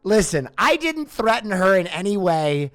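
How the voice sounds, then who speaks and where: A man's voice: high-pitched, normal speed, soft background music. Young guy ranting and storytelling, voice jumps all over, swears a lot. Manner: animated, profane storytelling. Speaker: streamer co-host. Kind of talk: casual chat.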